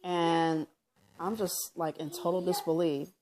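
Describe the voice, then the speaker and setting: Casual vlogger woman with a low voice, talking through a personal story off the cuff with plenty of fillers. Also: little pitch movement, unhurried, darkish tone, a little hiss or hum. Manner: rambling, with many fillers like um and you know; loosely reenacts what people said as she tells it. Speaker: vlogger telling her own story.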